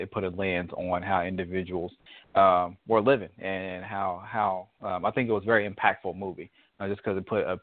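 A man telling a rambling story in a relaxed, casual chat. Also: deep voice, dry recording. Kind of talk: casual chat about a movie. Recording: dry tinny phone line.

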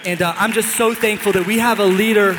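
A young man preaching a sermon as a pastor, enthusiastic and joking with sudden loud bursts. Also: sits high, steady tone, brisk, crowd noise, noisy background. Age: young adult. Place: large church hall. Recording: long church-hall reverb.

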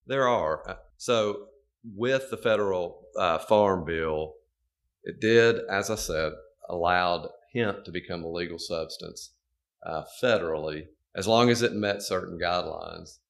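Deep-voiced middle-aged man, podcast guest expert, measured and explanatory. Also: vocal fry.

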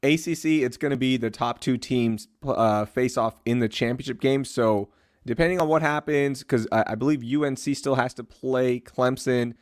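A young adult man co-hosting a casual sports and lifestyle chat, easygoing and quick to laugh. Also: medium pitch, dry recording, studio quality. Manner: easygoing, laughs often, promotes segments. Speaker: co-host.

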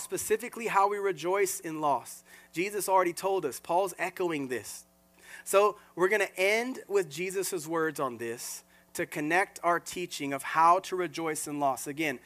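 A man preaching as lead pastor, earnest and animated, often repeating words and restarting phrases. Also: sits high. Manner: acts out quoted voices mid-sermon. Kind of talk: sermon.

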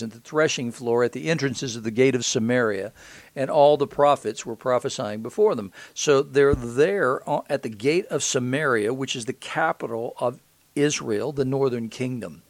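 A man's voice: mid-range voice, normal speed, no room sound. A man preaching an expository Bible sermon, retelling scripture in plain conversational talk.

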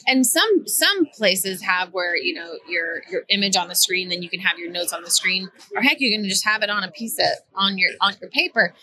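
A woman of middling pitch with a bright, forceful tone. She hosts a podcast conversation, keeps it engaged, and restates what her guest says in her own words. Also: lively intonation, normal speed, hardly any pauses. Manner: engaged, affirming, sums up the guest's points. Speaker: podcast host.

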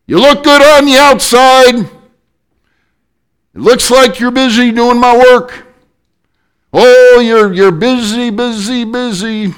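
A man's voice: extremely high pitch, takes it slowly, pauses often, fairly bright tone, clean tone, pitched above the performer's own voice, exaggerated voice. A male preacher voicing a stern divine figure who reproaches a church with emphatic repetition. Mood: reproachful.

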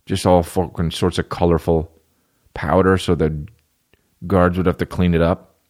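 Very deep-voiced profane male podcaster. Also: level tone, moderate pace, darkish tone. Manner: profane, rambling, riffing on listener questions. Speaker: podcast host. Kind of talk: casual comedic monologue.

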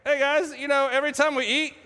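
A man's voice: very high voice, level tone, quick pace, sharp tone, pitched above the performer's own voice. A man voicing Jesus as a patient, teasing teacher in casual, jokey speech. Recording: echoey hall.

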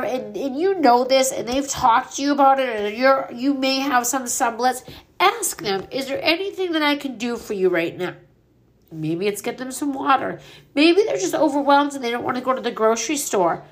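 Candid middle-aged woman, higher voice. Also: animated, moderate pace. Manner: candid, earnest, swears freely. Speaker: podcast host. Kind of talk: personal grief podcast monologue.

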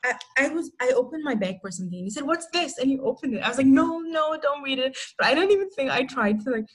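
Young woman co-host, higher register, rambling casual storyteller who laughs often. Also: expressive, quick pace. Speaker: podcast co-host. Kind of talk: casual chat.

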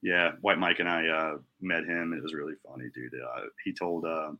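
A man's voice: extremely low pitch, steady tone, normal speed, highs cut off. A young man co-hosting a podcast in casual chat, rambling and swearing freely, calling people bro and dude. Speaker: podcast co-host.

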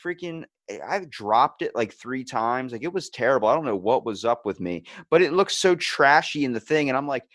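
A male podcast host in loose, casual conversation, telling lively stories and slipping into the voices of the people he quotes. His voice sits at an ordinary middle pitch. He talks into a close mic in a dead, dry room with no echo. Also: a little fast, few pauses. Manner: animated storyteller who acts out quoted people, swears casually. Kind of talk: casual chat.

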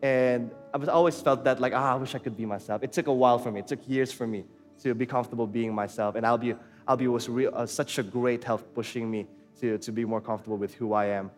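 A man's voice: medium pitch, fairly even intonation, fast. A man with a Filipino accent preaching a sermon, telling a personal story in a candid, conversational way. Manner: candid, conversational, mixing in Tagalog phrases. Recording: reverberant hall with faint music and crowd.

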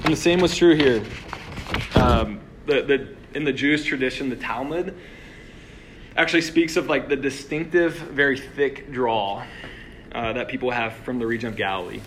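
A young man preaching to a gathered room in a relaxed, talky way, peppering his lines with filler words and quick restarts. His voice sits at an ordinary middle pitch, and a faint hiss runs under the recording. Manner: conversational, lots of "like" and restarts. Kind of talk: casual sermon. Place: room with a live audience.

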